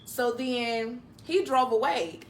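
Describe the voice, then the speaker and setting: Young woman rambling thru a storytime mukbang, lots of "like", kinda high voice. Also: slow, slight background noise. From Detroit, USA. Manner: chatty, loose, full of "like" fillers. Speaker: mukbang vlogger. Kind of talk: casual storytime chat while eating.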